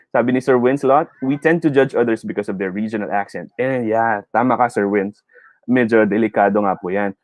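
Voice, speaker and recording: In a dry recording, a man from the Philippines speaks in a mid-range voice with a Filipino accent. He leads a live online speech class, encouraging students, reading out their comments, and blending English with Tagalog.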